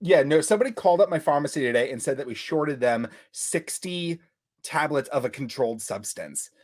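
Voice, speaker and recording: A young man from Long Island chatting casually as a podcast co-host. His voice sits a little high and swings widely in pitch. He laughs easily and tells stories with lively energy. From Long Island, New York. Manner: animated, laughs often, quick storytelling. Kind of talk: casual chat. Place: home room.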